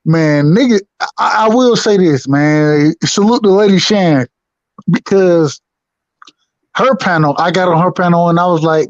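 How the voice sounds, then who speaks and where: A man with a high voice talks in slangy, repeating casual chat about boxing. His sound is dry and a bit dull, with little room tone. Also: normal speed, dry recording. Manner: animated, slangy, repeats himself. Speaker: podcast co-host.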